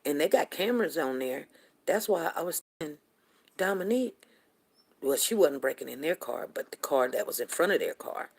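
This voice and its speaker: A middle-aged woman speaking, her voice low and gravelly. She tells a long neighborhood story in a chatty livestream manner and stops to greet viewers by name. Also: expressive, moderate pace. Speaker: livestream host. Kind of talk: casual storytelling to live viewers.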